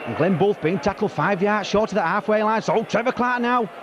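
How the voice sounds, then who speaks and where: Hoarse, very high-pitched commentator. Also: male voice, brisk, lo-fi sound, a crowd in the background. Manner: excitable, partisan, rattling off player names. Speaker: rugby league commentator. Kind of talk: live match commentary. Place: outdoor rugby ground. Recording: noisy outdoor broadcast.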